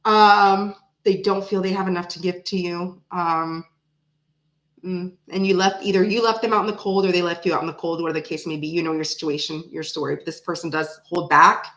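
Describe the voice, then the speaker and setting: Her voice is lowish, steady and brisk, with a slightly bright, echoey sound. She gives a casual tarot reading, musing aloud and repeating phrases while drawing cards.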